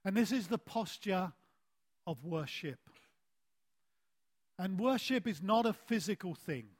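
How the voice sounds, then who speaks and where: High-voiced, slow-speaking male preacher. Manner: deliberate, with emphatic phrase endings that fall soft; animated storytelling with a rising voice. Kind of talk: sermon.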